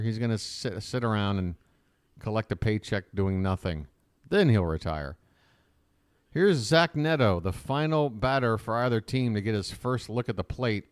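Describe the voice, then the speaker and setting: A man calling live baseball play-by-play as a fan commentator, chatty and opinionated between pitches. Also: clear, resonant tone, no room sound.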